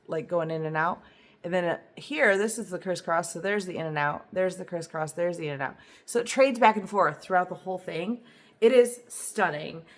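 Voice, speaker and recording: A woman hosting a knitting video podcast, talking casually and eagerly to camera from home, with a lilt and plenty of "um" and "like". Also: fairly low pitch. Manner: chatty and enthusiastic, lots of "um" and "like". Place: home, indoors.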